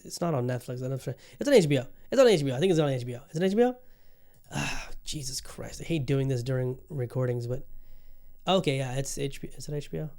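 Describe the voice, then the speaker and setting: A man's voice: medium pitch, animated, fast, a little mellow. A man hosting a podcast in casual chat, rambling with many fillers and restarts. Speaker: podcast host.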